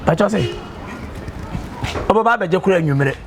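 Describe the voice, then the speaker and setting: A very high-pitched man with a gravelly edge and a Ghanaian accent. a talkative man, lecturing and insistent, pressing his advice on a young woman in a film drama. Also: lively intonation, normal speed, background noise.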